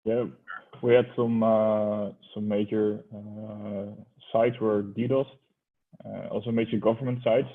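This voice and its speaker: A man speaking in a hesitant, halting way in a casual online meetup. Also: lowish voice, flat delivery. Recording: tinny phone-like call line.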